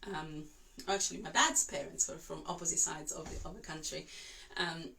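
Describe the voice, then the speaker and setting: A woman's voice: low-pitched, steady tone, normal speed, vocal fry, pushed and bright, slight background noise, poor audio. A woman from Italy, an opera singer and vocal coach, chatting casually to her online class in a rambling way with many fillers and restarts.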